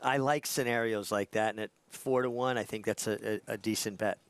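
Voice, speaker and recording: A man talking through horse racing picks on a broadcast in an animated, halting way, often restarting and repeating words. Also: on the low side, smooth. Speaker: racing handicapper.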